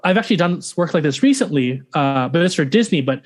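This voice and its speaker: A man in his thirties spills stories at a breakneck clip, animated and chatty. His voice sits a bit high for a man. He hops between English and Thai mid-sentence. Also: very fast. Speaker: podcast guest, actor. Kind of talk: casual interview chat.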